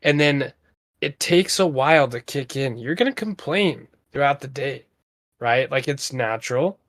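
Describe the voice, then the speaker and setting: Co-hosting a podcast, this thirty-something man offers casual motivation, rambling earnestly and leaning on plenty of fillers. He has a mid-range, slightly bright voice, animated but unhurried.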